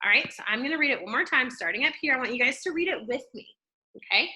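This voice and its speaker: A woman teaching a classroom reading lesson. She explains step by step, checks in often with the class, and uses an expressive tone to show how to read. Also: sits high, fast. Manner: explanatory, checks in with "okay?" and "right?"; expressive, shifts tone to model reading.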